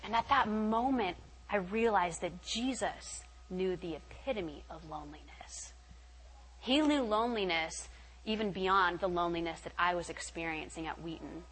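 Woman, young adult, from California, bright clear voice, candid storytelling, faith testimony at a retreat. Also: lowish voice, rough recording. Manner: candid, animated storytelling with filler words. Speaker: retreat speaker. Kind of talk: personal testimony talk. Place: retreat meeting hall.

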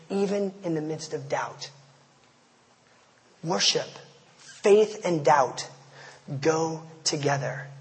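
Male pastor, casual sermon delivery with slangy asides, light high voice, hall echo. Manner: conversational, storytelling, slangy asides. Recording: long hall reverb.

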